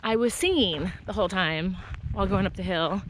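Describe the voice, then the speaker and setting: A middle-aged woman talking to the camera on a long hike, chatty and excitable, telling stories as she walks. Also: mid-range voice, brisk. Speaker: long-distance hiker vlogger. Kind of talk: casual trail vlog. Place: outdoors on a desert trail. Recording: outdoor noise behind the voice.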